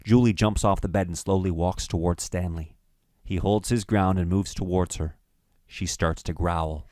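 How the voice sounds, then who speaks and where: A man narrating a screenplay's stage directions in a measured, matter-of-fact way. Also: low-pitched, steady tone, warm tone, no echo, studio quality.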